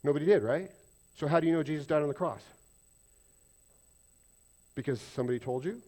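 A man preaching a sermon to a congregation, emphatic, putting questions to the listeners and swinging between loud stresses and quiet asides. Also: a little high, fairly quick. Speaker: pastor.

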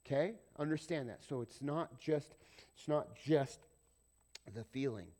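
A male pastor preaching a sermon, conversational and dramatic, swinging from loud urging down to near-whispers and often asking the congregation questions. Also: mid-range voice, unhurried.

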